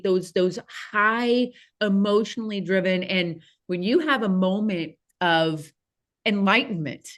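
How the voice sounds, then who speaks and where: A woman, a podcast guest telling a childhood story in a casual, animated way with frequent laughs and fillers. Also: mid-range voice. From Southeast Missouri, USA.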